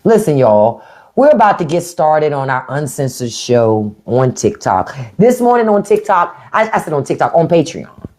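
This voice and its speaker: A woman on a live stream, talking straight to her viewers with blunt, profane opinions. Her voice sits fairly low, but it swings up and down a lot as she makes her points. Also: sing-song, moderate pace, darkish tone. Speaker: podcast host doing a live stream. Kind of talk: unfiltered live-stream commentary. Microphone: phone or webcam on a live stream.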